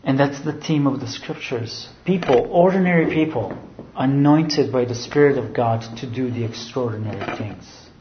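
A man's voice: medium pitch, normal speed, noisy background. A man preaching a sermon who explains scripture and keeps restating his phrases. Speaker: pastor. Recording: roomy, dull sound.

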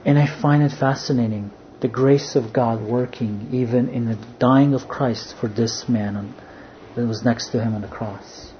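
A man preaching a sermon, earnest in tone, dropping to a hush when he quotes. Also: medium pitch, steady tone, normal speed. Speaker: pastor. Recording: dull lo-fi sound, faint background noise.

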